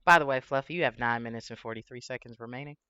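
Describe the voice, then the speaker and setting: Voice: medium pitch, racing, sharp tone, clean tone, dry recording, dull audio. A livestream host with a lisp, chatting casually and rambling with swearing and frequent laughs.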